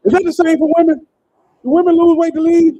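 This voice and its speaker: Male comedy emcee, high voice, loud and laughing, works the crowd. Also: fairly even intonation, quick pace. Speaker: comedy show host. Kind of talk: stand-up hosting, crowd work.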